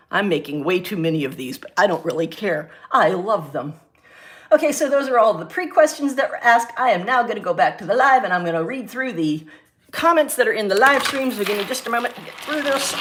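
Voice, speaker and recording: A woman from Florida hosting a casual livestream, chatting frankly, laughing often and reading viewer comments aloud. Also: on the low side. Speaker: livestream host and crafter.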